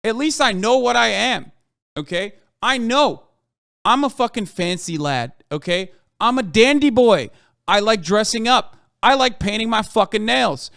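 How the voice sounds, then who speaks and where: A man's voice: high-pitched, expressive, unhurried, creaky, fairly bright tone, clean tone, no echo, clean studio sound. A man streaming a heated, profane and sarcastic rant reacting to the news. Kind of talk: ranting commentary.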